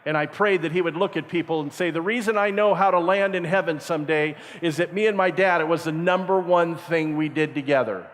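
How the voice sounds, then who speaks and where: Middle aged guy preaching at camp, acts out all the voices, kinda high voice, echoey hall. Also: a little fast, hardly any pauses. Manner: acts out voices in his stories, animated. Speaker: camp speaker. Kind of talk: storytelling sermon. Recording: reverberant hall.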